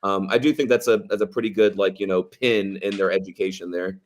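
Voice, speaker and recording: A man's voice: deep voice, fairly even intonation, a little fast. A man co-hosting a casual movie podcast, rambling with lots of fillers, swearing and laughing as he talks. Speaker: podcast co-host.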